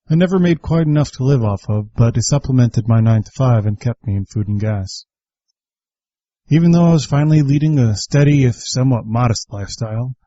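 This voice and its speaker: A man's voice: on the low side, warm tone, dry recording. A man narrating a first-person story in a reflective, wry storytelling manner. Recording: dull, dry lo-fi recording.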